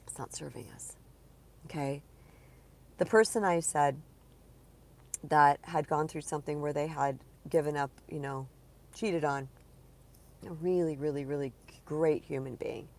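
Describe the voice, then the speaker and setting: A woman's voice: low-pitched, steady tone, a little slow. A woman speaking as a spiritual coach, giving an earnest, encouraging talk to viewers of a live stream in a conversational way.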